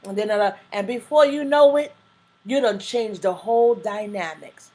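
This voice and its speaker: A woman's voice: mid-range voice, normal speed, a little mellow, low-quality recording. A woman hosting a live talk stream, chatting casually and reading viewer comments aloud with emphatic, preacher-like asides. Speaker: livestream talk show host.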